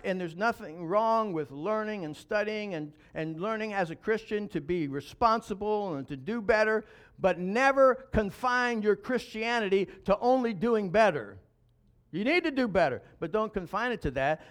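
A man's voice: high voice, fairly bright tone. A man preaching a sermon as pastor, emphatic, with rhetorical questions and chuckles.

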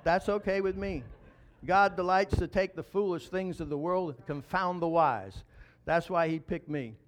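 Male pastor, high voice, emphatic sermon delivery with rhetorical questions. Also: moderate pace.

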